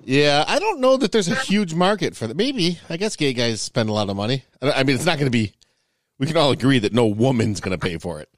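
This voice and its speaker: A man's voice: medium pitch, big pitch swings, fast, no echo, studio quality. A middle-aged man co-hosting a casual podcast chat, joking and rambling, often breaking into laughter. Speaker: podcast co-host.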